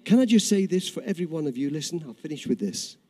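An older man preaching a sermon and telling a personal story, in an animated, repetitive storytelling way. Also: a little high, fast talker. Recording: reverberant hall.

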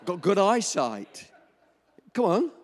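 A man in his seventies preaching a sermon, telling a personal story in an animated, chuckling way. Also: sits high, takes it slowly, some chatter behind. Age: 70s. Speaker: pastor.

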